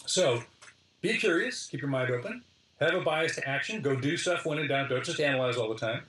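A middle-aged man, a design lecturer as interview guest, telling stories in a lively way with frequent restarts and list-like summaries. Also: medium pitch, a little fast. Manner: lively, restarts phrases, summarizes points in lists. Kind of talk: animated interview storytelling. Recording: roomy, from a distance.

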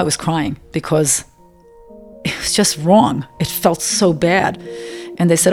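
A middle-aged woman recounting a personal experience in an interview, emotional and halting, often repeating words. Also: fairly low pitch, over music.

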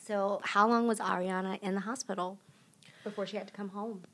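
A woman interviewer with a gravelly edge of vocal fry asks her questions calmly. Her manner is reassuring, and her pitch stays in a middle range. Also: brisk, slight background noise.

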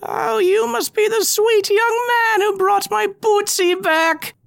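Storybook granny, frail and doting, slow high quaver, put on by a male narrator, dry sound. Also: steady tone, gravelly, a bit bright, no echo, heavily acted. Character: frail, doting elderly woman.

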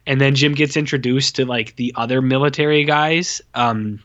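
A man co-hosting a podcast, casually reviewing a film with a lot of swearing and flat mocking quotes of its dialogue. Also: medium pitch, normal speed, hardly any pauses, muffled recording. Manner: profane, exasperated, mocks lines in flat voices. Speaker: podcast co-host. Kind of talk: casual movie review chat.

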